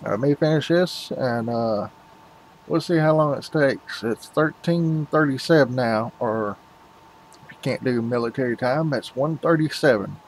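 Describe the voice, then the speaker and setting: A man's voice: medium pitch, unhurried, slight background noise, low-quality recording. A man hosting a farming game video, rambling casually and calling his viewers "folks". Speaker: gaming channel host.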